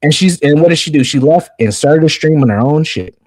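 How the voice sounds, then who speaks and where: Animated blunt man hosting a chat. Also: on the high side, a little fast, dry recording, rough recording. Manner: animated, blunt and profane, acts out others' words. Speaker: show host. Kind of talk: casual live chat.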